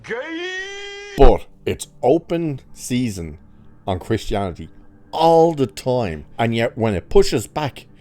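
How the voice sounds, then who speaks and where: A man's voice: mid-range voice, big pitch swings, slow pace, dark tone. A man hosting a commentary channel, ranting in a mocking, sarcastic, angry way.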